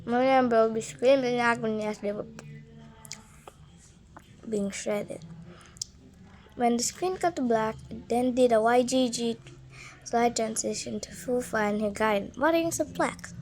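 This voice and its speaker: A woman reading a creepypasta story aloud, halting and stumbling with frequent restarts. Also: on the high side, a little mellow, slight background noise.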